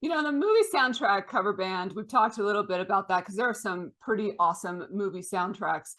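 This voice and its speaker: A woman's voice: medium pitch, animated, fairly quick, fairly bright tone. A woman hosting a casual interview, teasing her guest and laughing easily. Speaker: podcast host.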